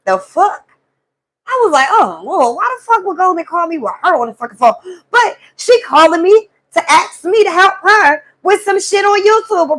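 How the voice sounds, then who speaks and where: High-voiced woman venting. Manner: animated, profane storytelling to a live chat. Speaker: live stream host. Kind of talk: casual venting monologue.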